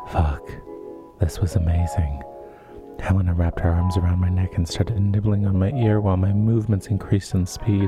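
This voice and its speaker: A man with a husky voice co-hosting a podcast, trading jokes and reading romance passages aloud in a low sultry tone. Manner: reads erotic passages in a low sultry voice, then jokes with laughs. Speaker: podcast co-host.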